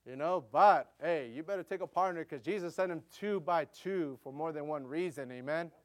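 A middle-aged American man preaching a sermon as a missionary, telling stories in an animated way and calling out to his audience. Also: fairly high pitch. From United States. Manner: animated, quick storytelling with audience call-outs. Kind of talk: storytelling sermon.

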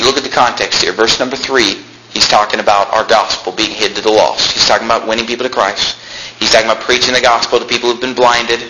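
A man preaching a sermon, with loud high-pitched bursts and drawn-out lines as he reads and explains Bible verses. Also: reverberant, slight background noise, poor audio. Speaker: pastor. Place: church.

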